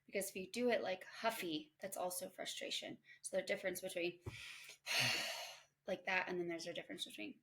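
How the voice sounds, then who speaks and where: A woman's voice: lowish voice, steady tone, quick pace, hardly any pauses, a bit bright. A woman hosting a podcast, talking in a candid, conversational and self-reflective way about parenting in a casual self-help monologue. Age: adult mother. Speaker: podcast host.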